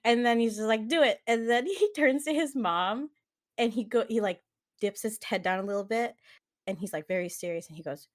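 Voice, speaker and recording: A woman's voice: mid-range voice, animated, moderate pace. A young woman co-hosting a podcast, telling a story in casual chat, laughing often and using many fillers. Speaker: podcast co-host.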